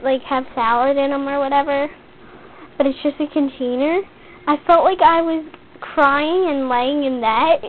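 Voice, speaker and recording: A teenage girl telling a long story in a chatty, rambling way, full of "like.". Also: sits high. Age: teens. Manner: chatty, rambling, heavy use of "like". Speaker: vlogger. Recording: tinny lo-fi webcam audio with faint hiss.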